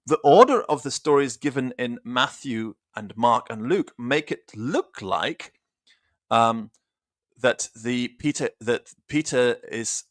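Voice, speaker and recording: A man's voice: medium pitch, fairly bright tone, dry recording, studio quality. A man giving an informal Bible study on a livestream, thinking aloud with restarts and reading passages aloud. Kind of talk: informal scripture teaching on a livestream.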